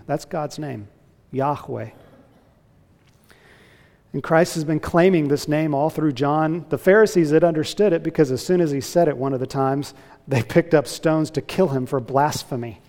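A man's voice: fairly high pitch, unhurried, dark tone. A man preaching an emphatic expository sermon as pastor, voice rising for emphasis. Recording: hall with long reverb.

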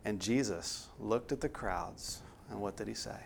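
A man's voice: fairly low pitch, unhurried, creaky, slight background noise. Earnest male preacher delivering a sermon. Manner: earnest, emphatic, rising to stress key words.

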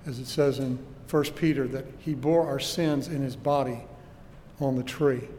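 A man's voice: medium pitch, steady tone, unhurried, a little mellow, big-room sound, a little hiss or hum. A man preaching a sermon with earnest emphasis and rhetorical questions, recorded in a church.

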